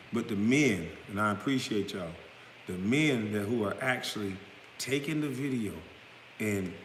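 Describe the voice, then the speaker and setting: A man in his thirties ranting bluntly to camera, swinging from low mutters to loud outbursts. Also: a little hiss or hum. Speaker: vlogger. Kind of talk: profane rant to camera. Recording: echoey room with long reverb.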